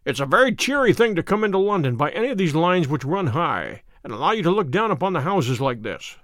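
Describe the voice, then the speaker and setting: A man reading a brilliant, self-assured detective for a storybook recording. The voice sits fairly high and moves through lively rises and falls, dry and close with no room around it. Each line comes measured and musing, with a light wry edge. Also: no room sound. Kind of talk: audiobook character reading.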